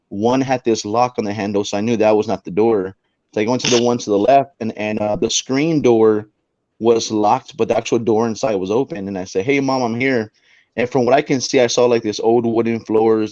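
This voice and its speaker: A man's voice: lowish voice, muffled recording. A man, a paranormal investigator, telling a story on a talk show, with lots of restarts. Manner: animated storyteller with many restarts.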